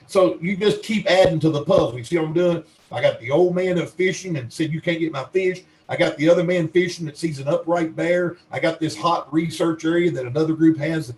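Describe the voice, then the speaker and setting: A man with a Western Kentucky drawl and a slightly raised pitch rambles through podcast stories in a folksy way. He is middle-aged and quotes the people he talks about in their own words. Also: low-quality recording. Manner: folksy rambling storyteller, acts out quoted dialogue. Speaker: Bigfoot researcher guest. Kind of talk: podcast interview storytelling.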